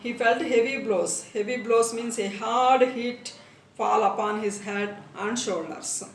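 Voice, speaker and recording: A woman teacher with an Indian English accent, reading a story aloud and stopping to explain words, repeating phrases slowly. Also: a little high, fairly even intonation. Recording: echoey room, distant mic, faint noise.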